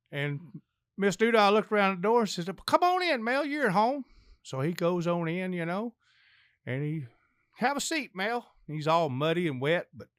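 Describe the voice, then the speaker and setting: Older man, folksy rambling joke teller, high voice for a man, dry close sound. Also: a bit bright, smooth, no room sound. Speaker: podcast guest.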